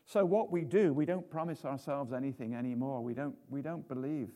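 A man's voice: medium pitch, fairly quick, warm tone. A man preaching an informal sermon in a chatty, jokey way, full of tag questions.

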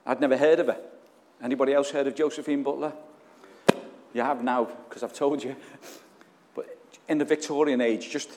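A pastor preaches a sermon in church, earnest and emotional, posing questions to the congregation. His medium-pitched voice is a little mellow, steady in tone and normal in speed. The church hall gives a long reverb, with slight background noise.

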